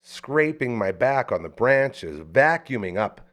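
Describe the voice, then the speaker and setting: Animated man hosting a live talk show. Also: mid-range voice, slow pace. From Canada. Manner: lively, joking, hypes guests up. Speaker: host.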